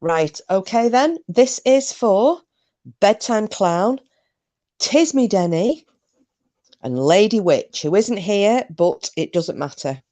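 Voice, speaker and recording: Slow, mellow-voiced woman chatting giggly. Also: mid-range voice, expressive. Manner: chatty and giggly, laughing often between remarks. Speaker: live stream host. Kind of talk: casual chat to a live chat audience.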